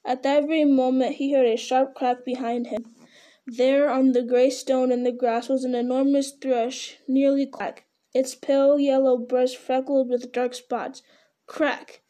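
A woman's voice: sits high, flat delivery, a little slow, mellow. A woman reading a novel aloud in an unpolished way, stumbling over words and restarting them. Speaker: reader.

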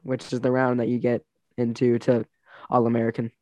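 A man's voice: mid-range voice, completely flat delivery, fairly quick, mellow, no echo. A young man casually chatting and telling rambling, laughing stories, full of fillers and restarts. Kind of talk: casual chat.

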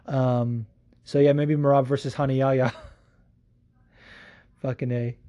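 A man's voice: medium pitch, level tone, slow, warm tone. Profane, rambling man hosting a podcast. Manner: profane, rambling, laughs often. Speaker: podcast host. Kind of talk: casual solo podcast chat.

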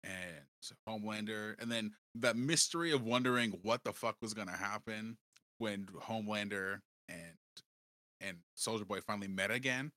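A man co-hosting a podcast in casual chat, relaxed and slangy, laughing easily. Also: fairly low pitch, moderate pace, no echo. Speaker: podcast co-host.

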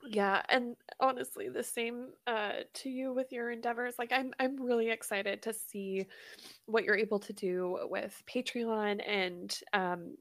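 A woman co-hosting a podcast in casual conversation, quick to agree and affirm her partner. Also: medium pitch, a bit bright, no echo, clean studio sound. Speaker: podcast co-host.

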